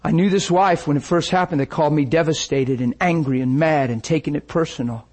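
An older man delivers a sermon in a husky, slightly high voice. He tells stories with animation, acting out the people he quotes. His voice swings between hushed asides and intense bursts. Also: fairly quick. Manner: animated, acts out quoted voices, laughs often. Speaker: preacher. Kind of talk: sermon storytelling.

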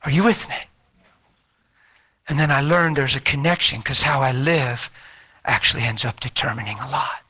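A man telling an emotional personal faith story in an animated way, repeating words and acting out what people said. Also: medium pitch, normal speed, long pauses, slightly rough. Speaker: speaker sharing a personal faith testimony.

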